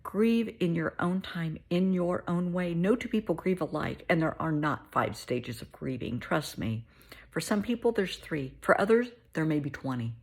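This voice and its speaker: Gravelly low-voiced woman giving a soothing pep talk. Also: expressive, normal speed. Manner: soothing, motherly, calls listener honey; drops to soft whispers at times. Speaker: host.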